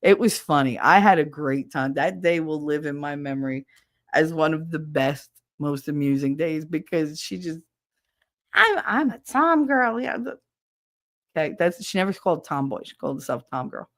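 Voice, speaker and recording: A woman's voice: sits low, fairly even intonation, fairly quick, no room sound, studio quality. A middle-aged woman hosting a stream, telling a funny story in a casual, profane way and mimicking other people with squeals. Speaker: stream host.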